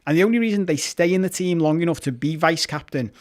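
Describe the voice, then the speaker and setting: On a casual football podcast, this co-host speaks fast in a voice on the high side. He gets heated and passionate, swears freely and often restarts what he's saying.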